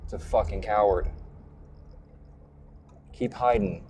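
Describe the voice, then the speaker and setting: A man's voice: on the low side, takes it slowly, mellow, a little hiss or hum. A man hosting a casual online call-in chat, talking in a loose, rambling way and swearing angrily. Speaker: show host.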